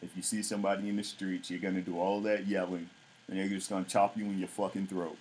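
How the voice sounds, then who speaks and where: Brief: vlog host, fairly low man's voice, blunt profane rant, faint noise behind. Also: level tone, quick pace, darkish tone, rough recording. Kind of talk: casual ranting commentary.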